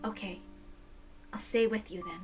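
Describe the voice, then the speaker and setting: A woman voicing a meek, sorrowful teenage boy in a soft, lowered, hesitant voice. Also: fairly even intonation, moderate pace, slightly rough, soft background music, natural voice.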